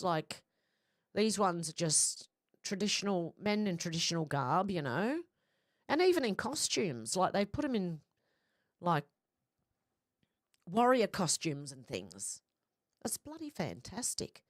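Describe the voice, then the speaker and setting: A woman's voice: mid-range voice, no room sound. Woman, livestream host, rambling casual chat, dry close sound. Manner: chatty, rambling, laughs easily. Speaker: livestream host reading viewer comments.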